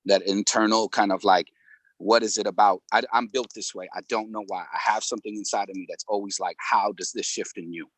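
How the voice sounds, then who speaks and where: A man's voice: lowish voice, fairly even intonation, a little fast. A middle-aged man talking openly as a panel guest in a casual conversation, emotional and laughing often, with many fillers.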